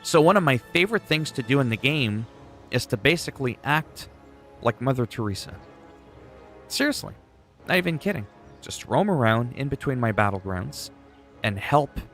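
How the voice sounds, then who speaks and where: A man's voice: mid-range voice, expressive, moderate pace, long pauses, a bit bright, soft background music. Rambling, enthusiastic male game streamer. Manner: rambling and enthusiastic, with casual swearing. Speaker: livestreamer. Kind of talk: casual gameplay chat.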